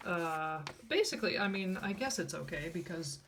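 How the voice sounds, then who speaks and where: An older woman casually retelling an old comic story in a wry, halting way, with many fillers. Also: lowish voice, lively intonation, a little hiss or hum. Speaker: comic book reviewer.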